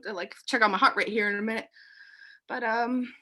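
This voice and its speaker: A woman's voice: a little high, steady tone, fairly quick, sharp tone. A young woman speaks to her team in a loose, casual pep talk. She is out of breath and winded, and she keeps filling her sentences with fillers and blunt swearing. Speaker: team leader. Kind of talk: casual motivational team chat.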